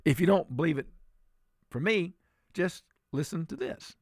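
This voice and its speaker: A man's voice: on the high side, expressive, moderate pace, creaky, slightly rough, no room sound, studio quality. A man, filling in as a talk radio host and delivering fiery, indignant commentary.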